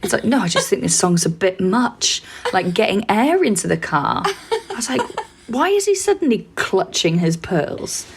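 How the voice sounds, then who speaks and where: A woman, cohosting a comedy podcast and telling stories quickly and chattily, with some swearing. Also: medium pitch, very animated, noisy background. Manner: fast, chatty storytelling, swears. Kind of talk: casual chat.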